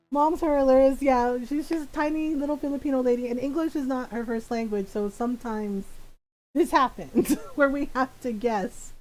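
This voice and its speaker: A woman streamer casually telling a family story on a livestream, animated and laughing often. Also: sits high, moderate pace, rough recording.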